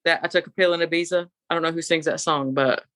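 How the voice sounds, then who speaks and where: A middle-aged woman co-hosting a podcast, telling a story in an animated, opinionated casual chat. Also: low voice, fast talker, no room sound. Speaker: podcast co-host.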